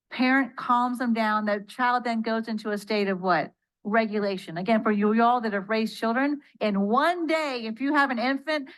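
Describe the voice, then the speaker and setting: A woman's voice: a little high, a bit bright, poor audio. A woman giving a spoken training lecture to educators, asking the audience questions and answering them herself, and acting out quoted speech. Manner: acts out quoted speech in changing voices. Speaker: trainer leading an accredited course for educators.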